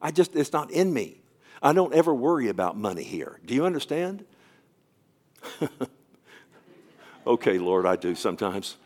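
A man who is a pastor, preaching a sermon and telling a story, often falling to a soft, near-whispered voice with stammering restarts. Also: medium pitch, big pitch swings, normal speed, pauses often.

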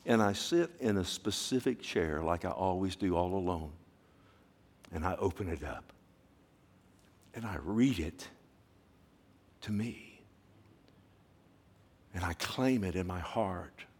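A male pastor preaching a sermon with passion, dropping to a hush and then rising loud, asking his congregation questions again and again. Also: sits low, vocal fry, husky. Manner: impassioned, swings from hushed to loud.

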